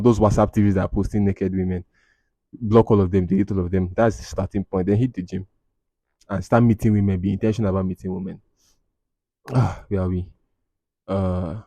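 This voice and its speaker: A man's voice: lowish voice, mellow, no echo. Dry-voiced Nigerian man, wry podcast host. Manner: wry, mocking asides with Pidgin phrases. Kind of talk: casual commentary reading out anonymous confessions.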